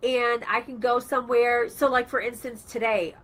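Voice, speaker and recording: Brief: woman radio host, bright and a bit high, chatty storyteller. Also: normal speed. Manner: chatty, animated storytelling with acted-out quotes. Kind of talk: casual talk radio chat.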